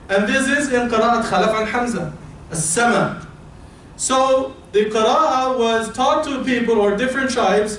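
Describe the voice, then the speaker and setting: A man with an Egyptian accent preaches in a large mosque hall, his fairly high voice carrying from a distance. Heavy echo fills the room over a faint hum, and he explains each point patiently through everyday comparisons. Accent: Egyptian Arabic. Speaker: imam. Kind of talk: Friday sermon.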